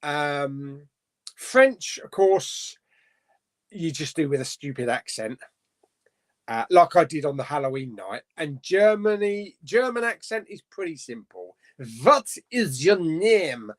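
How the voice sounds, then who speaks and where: A man's voice: on the high side, sing-song, a little slow. Chatty man hosting a live chat. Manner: chatty, reads viewer comments aloud. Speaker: live stream host.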